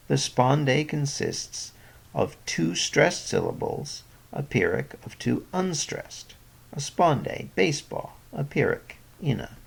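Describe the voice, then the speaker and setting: Gravelly, husky male narrator for a poetry lesson, lively pitch, careful and explanatory. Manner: clear explanatory delivery, stressing example words. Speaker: poetry teacher. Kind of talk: scripted educational narration.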